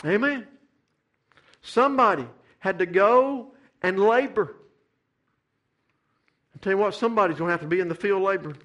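A man's voice: high-pitched, moderate pace, long pauses, lo-fi sound. A middle-aged man preaching a sermon, building to fervent, repeated climaxes. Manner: rising to fervent shouted climaxes, repetitive preaching cadence. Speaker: pastor.

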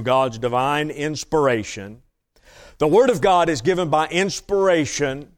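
A man preaching a teaching sermon to a congregation, emphatic and repeating his key phrases. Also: a little high.

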